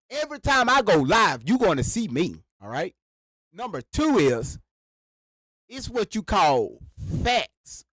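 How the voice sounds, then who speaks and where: A man hosting a livestream, ranting to his chat in an animated, repetitive way and talking straight to his viewers, speaking into a microphone. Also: high-pitched, dry recording. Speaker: livestream host. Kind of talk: live reaction rant to chat. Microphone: sits behind a microphone.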